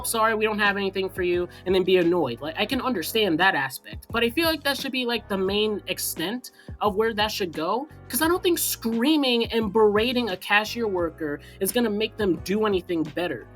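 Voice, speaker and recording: High and fairly bright, this young adult's voice carries a casual, rambling story full of sarcasm and filler words, the kind told on a storytime vlog.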